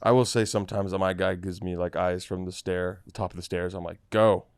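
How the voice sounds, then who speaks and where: A man, a comedian guesting on a podcast, chatting casually and asking halting, rambling questions full of fillers. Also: low-pitched, level tone, slight background noise.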